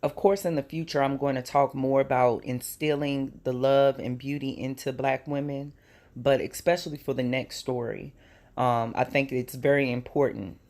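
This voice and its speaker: A host giving earnest, measured commentary on news clips. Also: mid-range voice, fairly even intonation, darkish tone.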